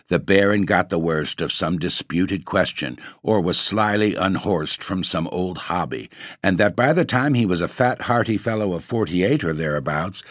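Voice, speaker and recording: Deep-voiced man reading a classic tale. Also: dry recording, studio quality. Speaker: podcast narrator. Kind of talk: scripted ghost-story reading.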